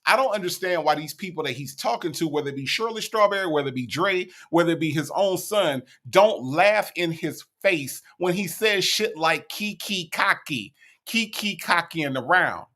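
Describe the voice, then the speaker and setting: A man's voice: on the high side, expressive, moderate pace, hardly any pauses, sharp tone. A man hosting an online show, reacting to a clip with teasing, incredulous commentary and reading out viewer comments. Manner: incredulous, teasing, reading chat names aloud. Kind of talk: casual commentary.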